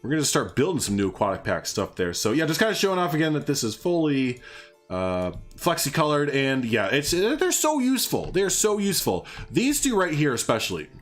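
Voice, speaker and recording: A man's voice: on the high side, very animated, brisk, soft background music. Rambling, chuckling man streaming a game. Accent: Southern US. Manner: rambling, chuckling, self-deprecating. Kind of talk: live gameplay commentary.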